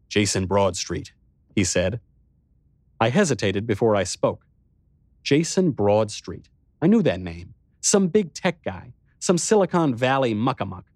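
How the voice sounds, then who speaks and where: A man narrates a novel in the first person, with a measured and introspective delivery. His voice sits on the low side. The recording is close and dry, with no room sound. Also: darkish tone, dry recording. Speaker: audiobook narrator.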